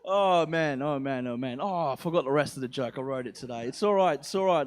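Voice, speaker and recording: Brisk and rarely pausing, this young male stand-up comedian from England speaks in a mid-range voice with an accent that blends English and Australian. His set wanders, swears freely and pokes fun at himself.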